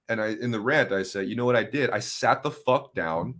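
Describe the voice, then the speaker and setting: A man guest in casual conversation, telling stories in an animated way and mocking others in quoted voices. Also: medium pitch, fairly quick, slight background noise. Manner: animated storytelling with mocking impressions.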